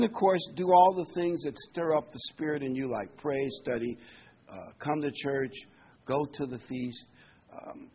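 An older man preaching a sermon, reading scripture aloud and commenting between verses, rising in pitch and volume when he reads the verses. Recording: dull lo-fi sound with faint noise.

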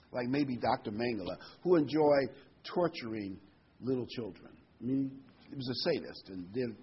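A man's voice: medium pitch, slightly rough, dull audio. A man preaching a sermon verse by verse in a folksy, conversational way.

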